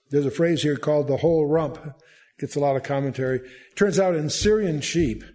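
A man's voice: a little high, warm tone. Man teaching a verse-by-verse Bible study. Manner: reads scripture aloud, then explains it conversationally with frequent restarts.

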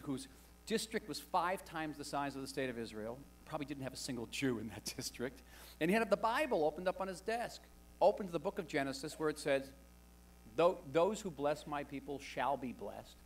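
A man's voice: on the high side, slight background noise. A man speaking to a live audience as a guest author, wry and conversational, telling stories with animation. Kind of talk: public talk to an audience. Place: lecture hall with live audience.

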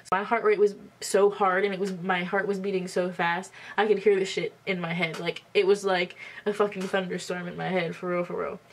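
A woman's voice: fairly low pitch, level tone, brisk, hardly any pauses, slight background noise. A woman in her twenties telling a story on camera at home while doing her makeup, blunt and emphatic, swearing freely. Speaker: beauty vlogger. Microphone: camera mic.

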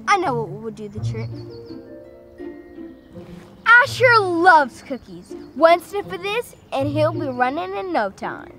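High playful woman park ranger. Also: very animated, slow, long pauses. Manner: playful, exaggerated, scolding dinosaurs. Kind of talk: scripted children's video acting. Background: background music.

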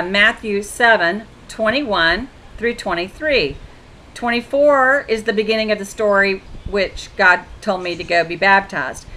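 A woman's voice: medium pitch, a bit bright, poor audio. A woman telling faith stories in a chatty monologue, acting out conversations and restarting her sentences often. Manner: chatty storytelling with frequent restarts and quoted dialogue. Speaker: Christian video blogger. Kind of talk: casual testimony monologue.

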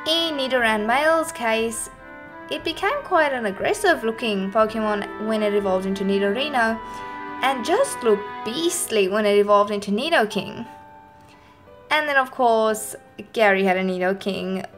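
A woman YouTuber talking casually and enthusiastically about her favourite creature designs, with small restarts. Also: fairly high pitch. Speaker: YouTuber reviewing Pokémon designs. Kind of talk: casual monologue to camera.

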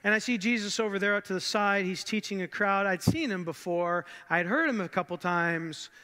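A man playing a male fisherman disciple in the first person, telling the story in a casual, halting way, with long church reverb. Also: high-pitched, pushed and bright. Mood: reminiscing. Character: grown male fisherman disciple, plainspoken and awestruck. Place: church sanctuary.

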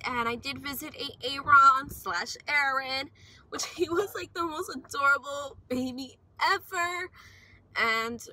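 A woman's voice: sits high, pushed and bright, poor audio. A young woman vlogging casually from her car, talking emotionally and rambling, swinging between upbeat and frustrated. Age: young adult. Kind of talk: casual vlog while driving.

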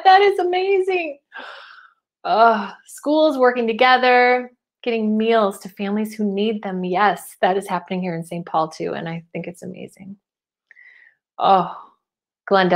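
Woman, speaking coach, live webinar from home, upbeat, chatty, near tears. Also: medium pitch. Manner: warm, upbeat, emotional and chatty. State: teary, close to crying. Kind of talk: live webinar presentation, reading chat messages. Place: her home.

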